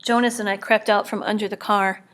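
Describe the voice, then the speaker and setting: A woman reads a first-person story aloud in a quiet, measured way, often dropping close to a whisper. Her pitch sits in the middle of the range. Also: level tone. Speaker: audiobook reader. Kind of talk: first-person audiobook narration.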